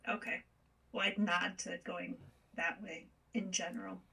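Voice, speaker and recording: A woman playing in a tabletop game, talking in a soft, somewhat hesitant way. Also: on the low side, flat delivery, measured pace, vocal fry, husky, distant mic, low-quality recording. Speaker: player. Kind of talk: casual tabletop play.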